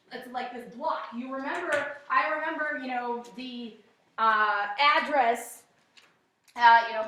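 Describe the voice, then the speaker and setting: A woman's voice: high-pitched, pushed and bright, recorded from a distance. A woman teacher giving a classroom lecture, chatty and checking in with her students with frequent okays. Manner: conversational, frequent "okay?" check-ins. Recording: very echoey classroom.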